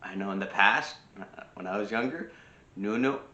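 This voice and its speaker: A man hosting a personal growth channel gives casual self-help advice, repeating his key phrases for emphasis. His voice is on the low side, pushed and bright, at a moderate pace, and the recording sounds roomy and slightly dull.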